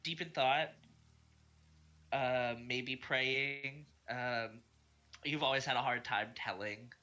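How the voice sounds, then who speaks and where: A man's voice: mid-range voice, fairly even intonation, slow, pushed and bright, highs cut off. A man narrating as game master over online voice chat, hesitant and full of ums and uhs.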